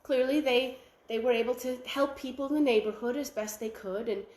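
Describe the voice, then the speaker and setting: Woman storyteller, animated, high voice, echoey room. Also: a little fast. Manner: animated, sound effects and counting for effect. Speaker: library storyteller. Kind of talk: oral folktale telling.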